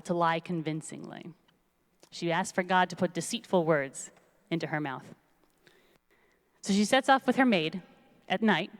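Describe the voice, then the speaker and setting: Chatty woman storyteller in an echoey hall. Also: medium pitch. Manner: chatty, animated, lots of fillers. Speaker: storyteller at a synagogue service. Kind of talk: casual retelling of a biblical story. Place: large synagogue sanctuary. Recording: long reverb in a large hall.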